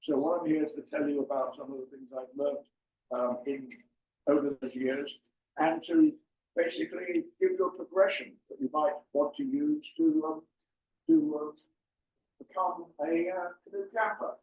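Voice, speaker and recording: An older man presents an informal slide talk to an audience in a meeting room, joking and chatting with lots of ums. His voice is a little high and moves at normal speed. The mic is far off, so the sound is roomy and muffled.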